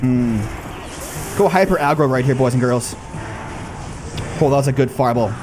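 A man hosting a gaming video, giving live gameplay commentary with excitable shouted reactions and teasing banter at his opponent. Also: mid-range voice, normal speed, background noise.

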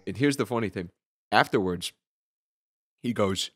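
A man's voice: on the low side, measured pace, a bit bright, no echo, clean studio sound. A young man hosting a casual podcast, telling rambling stories full of fillers and restarts. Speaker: podcast host.

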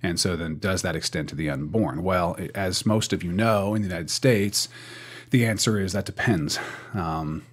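A man's voice: deep voice, normal speed. A young man hosting a church podcast in casual chat, rambling and repeating words as he thinks. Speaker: podcast host.

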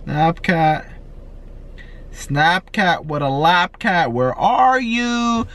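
A young man vlogging in an excited, slangy way, often repeating himself. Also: on the high side, drawn-out words. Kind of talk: excited casual vlog.

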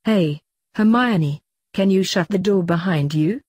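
A woman's voice: on the low side, moderate pace, warm tone, husky, dry recording, clean studio sound. A woman reading the lines of a cheeky, sarcastic young witch girl.

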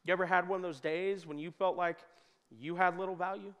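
High-voiced joking preacher in a reverberant hall. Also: male voice, steady tone, brisk. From United States. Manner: conversational and joking, with sudden loud bursts. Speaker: pastor. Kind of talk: sermon. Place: church hall.

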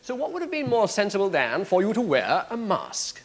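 A sardonic prosecuting barrister. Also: male voice, high-pitched, wildly swooping pitch, normal speed, full character voice. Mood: cross-examining. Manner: sardonic, probing, theatrical cross-examination. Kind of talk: broadcast courtroom drama.

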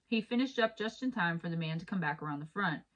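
A woman's voice: on the low side, lively intonation, fast talker, fairly bright tone, poor audio. Chatty woman host reading stories. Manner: chatty, heartfelt, apologetic asides.

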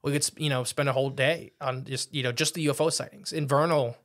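Podcast guy rambling on, mid pitch, loose casual chat. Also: steady tone, fast talker, fairly bright tone. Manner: rambling, loose, with fillers and restarts. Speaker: podcast co-host.

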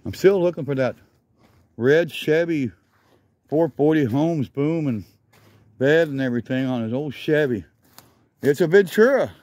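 A man with a fairly high voice narrates as he walks outdoors through a junkyard, holding his camera. He rambles with enthusiasm, calling out vehicles as he passes, and sounds a little out of breath. The sound is dry and close, with no room echo. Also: expressive, measured pace, long pauses, a little mellow. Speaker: vlogger. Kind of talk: casual walk-around commentary.

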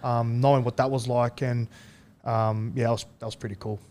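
Casual guest in his thirties, easygoing anecdotes, lots of stops and starts. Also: medium pitch. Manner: relaxed, halting, chuckles often. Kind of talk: casual storytelling.

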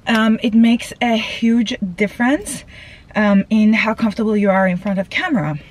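A woman's voice: fairly high pitch, steady tone, moderate pace, rough recording. A woman vlogging casually from inside her car, chatty and rambling with lots of fillers, a bit out of breath, recorded on a phone. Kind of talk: casual vlog chat.

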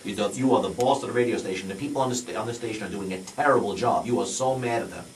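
A man's voice: lowish voice, racing. A male hypnotist coaxing a subject with suggestive commands in a radio studio. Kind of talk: hypnosis demonstration. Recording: echoey, distant, noisy studio.

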